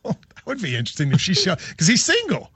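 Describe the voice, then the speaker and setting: A man hosting a sports radio show, chatting casually in rambling, animated bursts with restarts. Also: high voice, fast talker, husky, dry recording. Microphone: studio microphone.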